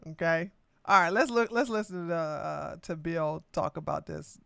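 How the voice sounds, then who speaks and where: A woman hosting a political commentary podcast, talking loudly and emphatically with blunt slang and frequent laughter. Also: lowish voice, moderate pace, gravelly, smooth, dry recording. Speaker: podcast host.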